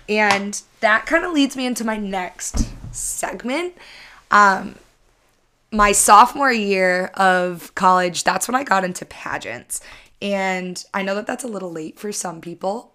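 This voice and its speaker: A woman's voice: fairly low pitch, fairly bright tone. Upbeat young woman hosting a podcast. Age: 20s. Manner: upbeat and chatty, with self-teasing asides. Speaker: podcast host. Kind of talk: solo podcast monologue.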